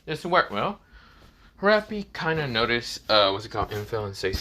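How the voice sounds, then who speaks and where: A man casually retelling a fan story, halting, with many fillers and self-corrections. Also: medium pitch, animated, bright, forceful tone, slight background noise. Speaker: narrator.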